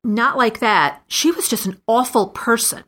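A woman co-hosting a podcast in casual chat, blunt and halting while searching for words. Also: fairly high pitch, fairly bright tone. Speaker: podcast co-host.

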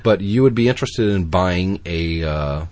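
A man's voice: deep voice, animated, normal speed, a little mellow. A man hosting a podcast, chatting casually and laughing easily. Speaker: podcast host. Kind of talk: casual chat.

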